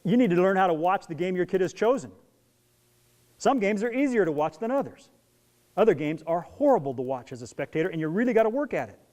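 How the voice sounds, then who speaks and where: A middle-aged man addresses a live audience on raising young athletes. He tells stories with animated swings in his voice and acts out little scenes. His voice sits a touch high for a man. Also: fast. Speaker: speaker on parenting young athletes. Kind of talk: talk to an audience.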